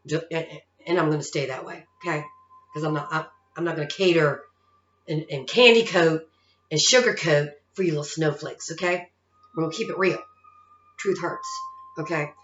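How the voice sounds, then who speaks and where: A woman's voice: low-pitched, normal speed, a bit bright, slight background noise. A woman in her fifties, a psychic-medium vlogger, ranting in a casual monologue and tagging her points with "okay?" and "all right?". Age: 50s. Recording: roomy, dull lo-fi sound.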